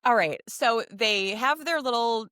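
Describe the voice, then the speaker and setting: A woman's voice: a little high, lively intonation, a little slow, fairly bright tone, clear, resonant tone, no room sound, studio quality. A woman co-hosting a podcast from home, recapping a film in casual chat and acting out the characters' lines with frequent laughter. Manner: recaps the plot, acting out quotes, laughs often. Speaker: podcast co-host.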